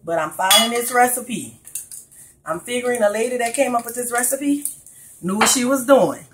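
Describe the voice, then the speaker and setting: Heavy background noise runs under this casual cooking video. The woman speaking has a slightly high voice, a normal pace and a New Orleans accent as she explains a recipe in her home kitchen and chats with her viewers.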